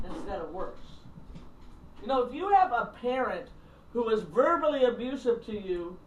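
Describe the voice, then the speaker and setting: A middle-aged woman minister and counselor giving a casual, blunt and candid teaching talk to a small group, acting out phone calls. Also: on the high side. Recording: roomy, distant mic, faint background noise.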